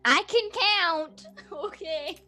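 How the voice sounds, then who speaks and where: A woman playing a tabletop game, giggly and animated. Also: very high voice, slow, soft background music. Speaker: player.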